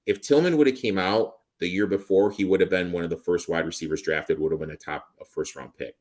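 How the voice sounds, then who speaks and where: A man's voice: deep voice, fairly quick, a little mellow. A man co-hosting a sports betting show, confidently breaking down football teams and wagers in casual chat. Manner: confident, rattles off player names.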